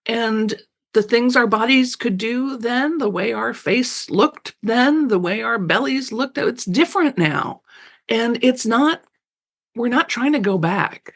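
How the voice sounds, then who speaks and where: A woman's voice: fairly high pitch, expressive, takes it slowly. A middle-aged woman guest on a radio interview, chatting casually and animatedly, often laughing and acting out little quoted voices. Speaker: author guest.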